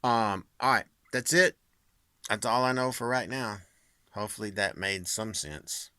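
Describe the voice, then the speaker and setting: A man's voice: on the low side, unhurried, sharp tone, clean tone, dry recording. A man talking in a casual, rambling vlog, jokey and full of fillers. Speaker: vlogger and singer.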